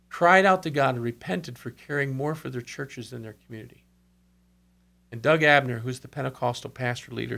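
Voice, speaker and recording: Gravelly-voiced man telling stories. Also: mid-range voice, fairly bright tone. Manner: earnest storyteller, quotes others, brief asides. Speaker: guest telling revival stories. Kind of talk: storytelling in conversation.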